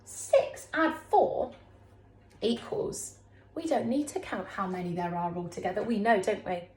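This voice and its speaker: Infant teacher, female, slow and lilting, fairly high, echoey room. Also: expressive, darkish tone. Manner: slow, sing-song, encouraging teacher talk with big pitch swings. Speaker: primary school teacher. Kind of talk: recorded classroom lesson for young children.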